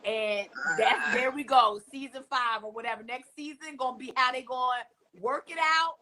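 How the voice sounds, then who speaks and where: Bright-voiced woman recapping with gusto. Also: high voice, normal speed, slight background noise, poor audio. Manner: animated, emphatic, often acts out quotes. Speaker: co-host. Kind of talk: casual recap chat.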